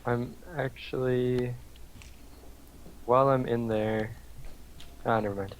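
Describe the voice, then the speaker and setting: A man's voice: mid-range voice, fairly even intonation, takes it slowly, slight background noise, low-quality recording. A man speaking as a player in a casual tabletop game chat, hesitant and full of fillers.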